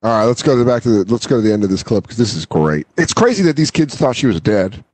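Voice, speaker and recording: A man's voice: medium pitch, expressive, fast talker, darkish tone, no room sound. A man co-hosting a comedy podcast, joking crudely in casual commentary. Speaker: podcast co-host.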